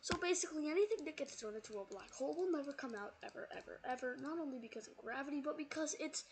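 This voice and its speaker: A woman streamer with a high voice rambles casually in a put-on British accent while playing and explaining a physics sandbox game. There's a little hiss or hum in the audio.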